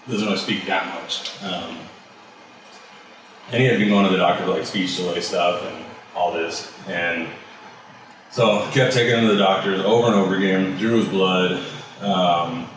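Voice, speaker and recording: Guesting on an interview, a man who runs a barbecue business shares casual stories at a normal pace in a deep, low voice. His speech is loose and chatty, packed with "you know" and "like" and the odd curse. The room is strongly reverberant, he's well back from the microphone, and faint noise sits underneath.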